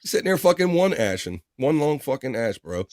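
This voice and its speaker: A man's voice: mid-range voice, big pitch swings, normal speed, darkish tone, no room sound, clean studio sound. A man from Baltimore with a Baltimore accent and a slight drawl, hosting a live online show in loose, profane casual chat. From Baltimore, Maryland. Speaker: podcast host.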